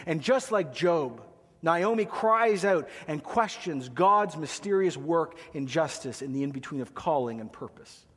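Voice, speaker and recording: A man's voice: on the high side, lively intonation, a little slow, a bit bright, slightly rough, big-room sound. A man preaching a sermon, conversational, with joking asides to the congregation. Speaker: pastor.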